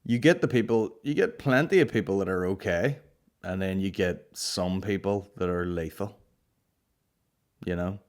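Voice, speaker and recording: A young Northern Irish man talks to his podcast listeners in a loose, rambling way, swearing freely and filling gaps with "you know". His voice sits a little low. He sounds like he is telling stories to mates. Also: moderate pace. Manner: swears freely, rambling storytelling with frequent fillers. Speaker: podcast host. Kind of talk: casual solo podcast chat.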